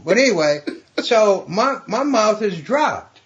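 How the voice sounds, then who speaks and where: A middle-aged man, a stand-up comedian guest, telling a story in a profane, animated way, laughing often. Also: sits high, slow. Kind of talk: casual storytelling. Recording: dull lo-fi podcast recording.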